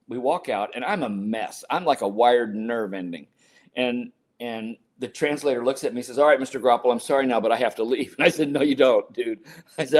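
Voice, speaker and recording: A man in his sixties, a podcast guest telling personal stories in an interview and acting out the quoted lines with lively energy. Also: medium pitch. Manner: animated storyteller acting out quotes. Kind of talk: storytelling interview.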